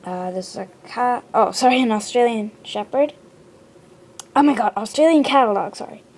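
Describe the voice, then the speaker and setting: A woman showing her drawings in a casual show-and-tell, hesitant, with lots of ums and quick self-corrections. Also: on the high side, a little mellow.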